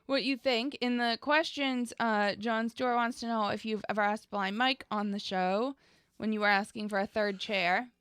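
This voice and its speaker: Woman, podcast co-host, chatty, slightly high voice, bright, dry close sound. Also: steady tone, normal speed, clear, resonant tone, no room sound. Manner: chatty, reads comments, laughs often. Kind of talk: casual podcast banter.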